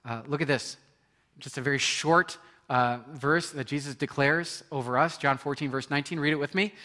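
A man's voice: mid-range voice, moderate pace, pushed and bright. A man preaching a sermon, earnest and building to emphatic points, with frequent restarts. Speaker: pastor.

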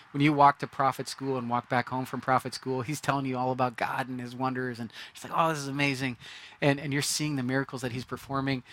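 A pastor with a mid-range, slightly bright male voice preaches conversationally. He acts out the reactions of the people in his story as he quotes them.

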